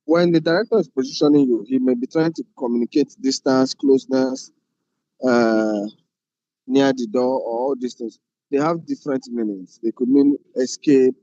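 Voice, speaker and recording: A man's voice: medium pitch, mellow, dry recording, lo-fi sound. Man lecturing. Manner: repeats phrases, explains with rhetorical questions. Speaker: film directing instructor. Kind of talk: classroom lecture.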